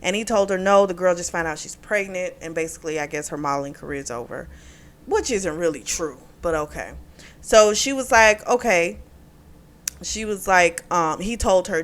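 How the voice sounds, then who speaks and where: A woman casually recapping a romance novel's plot, talking frankly with plenty of profanity and frequent laughs. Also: sits low. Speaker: book reviewer. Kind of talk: casual spoken book recap.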